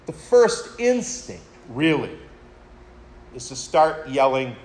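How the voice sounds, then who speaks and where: A man's voice: mid-range voice, sing-song, slow. A man preaching a sermon, retelling a story in a reflective way and addressing his listeners as friends. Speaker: pastor.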